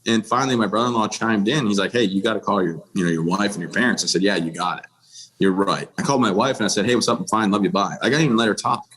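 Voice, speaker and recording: Man, 30s, from the US, podcast guest, candid storytelling, blunt and plainspoken, somewhat low voice. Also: very fast, a bit bright. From United States. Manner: blunt and plainspoken, with frequent restarts and fillers. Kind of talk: candid personal storytelling in a conversation.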